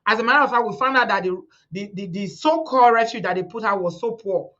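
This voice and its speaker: A woman's voice: medium pitch, animated, fast, a bit bright, lo-fi sound. A middle-aged Nigerian woman hosting a live stream, talking fervently to her viewers, repeating words and quoting the people she speaks about. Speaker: host of a live community stream.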